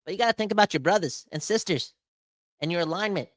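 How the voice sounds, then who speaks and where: A man hosting a sports podcast, ranting with animated, emphatic exasperation. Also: sits high, fast talker, no echo, clean studio sound. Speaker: podcast host.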